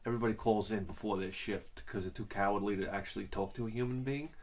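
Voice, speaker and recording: A man's voice: fairly low pitch, steady tone, fast, darkish tone. Rambling man ranting for laughs. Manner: rambling, jokey, swears freely. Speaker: channel host. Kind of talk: casual comedic rant.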